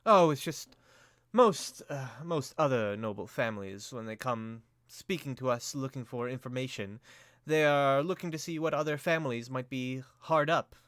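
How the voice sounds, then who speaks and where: A man voicing a sly, scheming male noble moneylender in a tabletop game, smooth and insinuating. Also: mid-range voice, moderate pace, fairly bright tone, dry recording, studio quality, natural voice.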